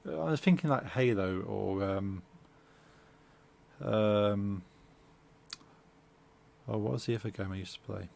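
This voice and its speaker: Gravelly-voiced man chatting while gaming. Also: lowish voice, slow pace, long pauses, a little mellow. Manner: hesitant, many fillers and restarts. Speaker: streamer. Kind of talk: casual gaming chat.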